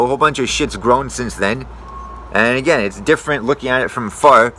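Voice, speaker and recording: A man's voice: medium pitch, sharp tone, slight background noise. A young man, a tree climber, ranting casually and rambling while swearing constantly. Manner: rambling, self-correcting. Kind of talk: casual rant to camera.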